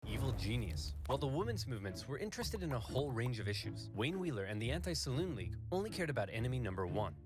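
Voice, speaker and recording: A man giving scripted, comedic history narration with wry, deadpan jokes over background music. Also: mid-range voice, quick pace, hardly any pauses.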